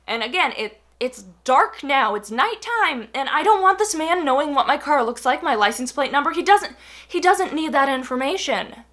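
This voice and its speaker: A young adult woman telling a personal story in a casual, animated way, full of fillers and acted-out quotes. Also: high voice, moderate pace.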